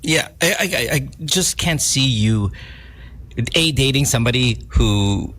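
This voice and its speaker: A man's voice: medium pitch, expressive, unhurried, fairly bright tone. A middle-aged man hosting a radio morning show, teasing his co-host in casual, playful banter. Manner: teasing, playful, jokes and laughs often.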